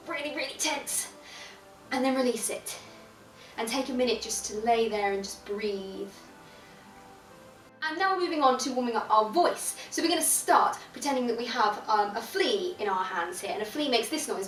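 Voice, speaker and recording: Upbeat young British woman leading a drama warm-up. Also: on the high side, distant mic. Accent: British English. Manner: upbeat, instructive, playful vocal sounds. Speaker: drama teacher. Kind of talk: guided warm-up lesson. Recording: echoey room, voice from off-mic.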